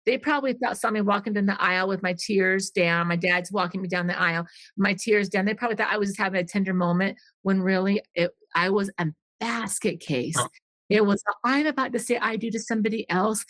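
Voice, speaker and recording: A woman's voice: medium pitch, fairly even intonation, fairly quick, fairly bright tone, no room sound. A middle-aged woman telling a personal story on a podcast, earnest and rambling, often restarting sentences and acting out what people said.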